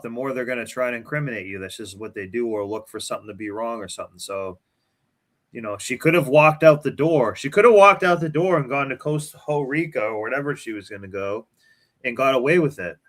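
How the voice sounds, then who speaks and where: A man's voice: medium pitch, a bit bright. A man co-hosting a stream who reacts with joking, rambling commentary and laughs often. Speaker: stream co-host.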